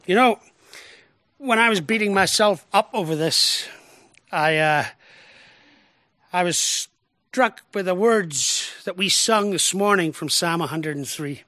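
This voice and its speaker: High bright-voiced male preacher. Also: takes it slowly, long pauses, dry recording. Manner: expressive, rhetorical questions, swings from emphatic to hushed. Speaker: pastor. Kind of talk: sermon.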